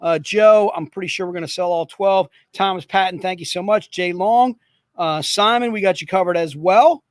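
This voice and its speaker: A man with a fairly high voice runs a livestream comic book sale. He talks in an upbeat, repetitive hawking style with joking asides. The sound is dry and close, with little room. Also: moderate pace, no room sound. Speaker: host selling comic books. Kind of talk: livestream sales pitch.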